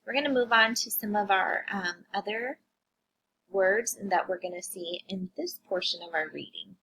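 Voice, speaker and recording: A woman teacher reviewing vocabulary and phonics with young children, sounding words out slowly and asking them questions. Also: medium pitch, a bit bright, husky, rough recording. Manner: slow, drawn-out phonics sounding-out, addressing kids.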